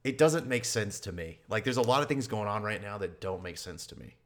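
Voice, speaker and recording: A man co-hosts a podcast in easygoing chat. His voice sits on the low side, and he rambles, hedging and stacking up filler words as he thinks aloud. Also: lively intonation, fairly quick. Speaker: podcast co-host. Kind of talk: casual chat.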